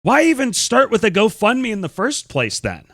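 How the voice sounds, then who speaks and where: A man talks on stream in a lively, swooping voice, blunt and openly disbelieving, with some swearing. His tone is bright and forceful. The sound is dry and close. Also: high-pitched, normal speed, no echo. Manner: blunt, incredulous, swears freely. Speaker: streamer host. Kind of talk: casual stream commentary.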